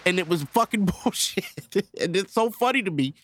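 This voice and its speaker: A man's voice: high voice, animated, moderate pace, background noise. A man hosting his own podcast, ranting casually and profanely straight to his listeners. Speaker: podcast host. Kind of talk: casual solo podcast rant.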